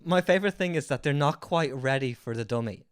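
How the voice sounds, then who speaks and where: A woman's voice: rumbling low, lively intonation, a little fast, clean tone. Young woman streamer, laughing banter. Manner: laughs often, self-mocking banter. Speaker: streamer guest. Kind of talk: casual comedic chat.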